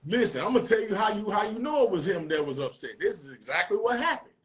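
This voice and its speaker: A man with a St. Louis accent, a rapper, telling a story in a debate, profane and animated, acting out quotes loudly. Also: sits high, fast talker.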